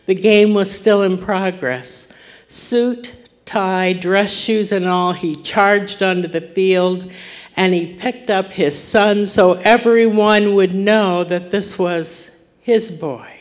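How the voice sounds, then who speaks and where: A woman preacher telling a moving story in a sermon, swinging from forceful to near-whispered. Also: medium pitch, steady tone, slow pace.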